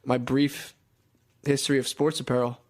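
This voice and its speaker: A man co-hosting a podcast in casual chat, telling stories animatedly and acting out his younger self in whiny high voices. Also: flat delivery, normal speed. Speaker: podcast co-host.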